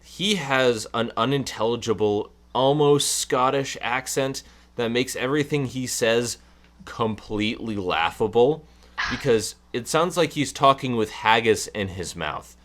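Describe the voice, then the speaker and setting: A man's voice: medium pitch, unhurried, a bit bright. A man co-hosting a casual film review chat, talking with hesitant, stammering restarts. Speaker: podcast co-host.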